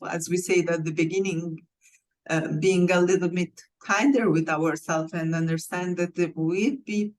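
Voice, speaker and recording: A woman podcast host with a lowish voice who takes her time over every phrase. She talks in a measured, encouraging way and keeps affirming her guest. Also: rough recording. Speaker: podcast host and executive coach. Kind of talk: casual interview chat.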